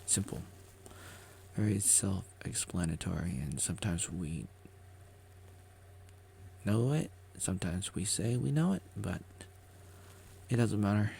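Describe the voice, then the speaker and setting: A man with a deep, heavily gravelly voice muses slowly in a motivational vlog. He rambles, circles back and repeats phrases, and breaks off to joke with himself. His pitch swings widely from line to line. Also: lively intonation, dark tone, a little hiss or hum. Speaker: vlogger.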